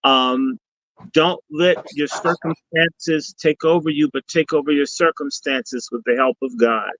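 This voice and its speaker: Guy on a video call going off like a preacher, fairly high voice, dry dull audio. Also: steady tone, a little slow, a bit bright, no room sound. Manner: preachy, blessing-style, profane. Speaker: guest speaker and summit organizer. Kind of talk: casual live-stream talk.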